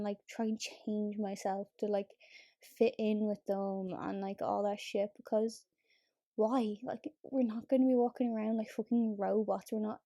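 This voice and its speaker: A woman's voice: a little high, mellow, no echo, studio quality. Chatty, casual young-sounding woman vlogger. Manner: chatty, filler-heavy, swears casually. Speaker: beauty vlogger. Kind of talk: casual get-ready-with-me chat.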